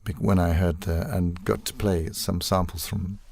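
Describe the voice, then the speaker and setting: An older man, a voice actor guest telling animated stories in a casual interview and acting out quoted lines. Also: sits low, normal speed, creaky. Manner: animated storyteller, acts out quoted lines, laughs often.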